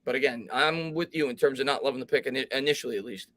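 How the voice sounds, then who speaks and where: A man hosting a live sports talk stream, reading viewer comments aloud and thinking out loud with frequent restarts. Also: mid-range voice, fast. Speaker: host.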